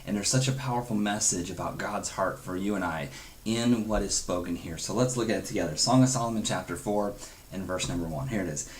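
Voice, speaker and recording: A man's voice: low voice, a little fast, a little hiss or hum. A man leading a devotional Bible study, earnest and conversational, dropping in chuckles and quoted asides.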